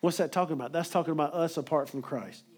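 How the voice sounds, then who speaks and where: Male preacher, slightly higher voice, emphatic, quick sermon delivery. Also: slightly rough.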